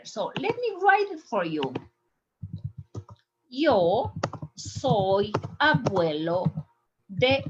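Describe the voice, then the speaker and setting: This lo-fi clip features a woman whose voice sits on the low side with a breathy edge. She's giving a slide-based Spanish lesson online, patiently repeating vocabulary so learners can drill it.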